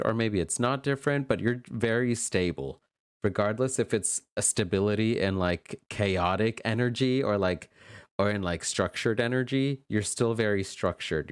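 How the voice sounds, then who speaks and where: Smooth-voiced man reading tarot. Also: deep voice, no room sound, studio quality. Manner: gentle, affirming, emotional. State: tearful. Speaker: tarot reader. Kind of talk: pick-a-card tarot reading.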